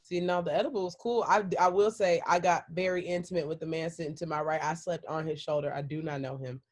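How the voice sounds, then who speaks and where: A woman co-hosting a podcast in casual chat, with laid-back, slangy, deadpan asides. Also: sits low, fast. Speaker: podcast co-host.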